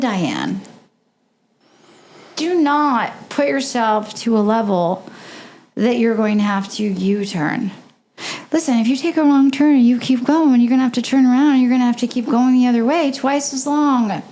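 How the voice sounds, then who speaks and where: A woman's voice: high voice, normal speed, warm tone. A woman guest on a podcast giving impassioned advice, emphatic and full of rhetorical questions.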